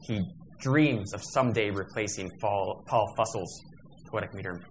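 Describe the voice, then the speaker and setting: Lecturing man with a lower voice. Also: moderate pace, a little hiss or hum. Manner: discursive, digressive, with fillers and self-corrections. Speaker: workshop lecturer.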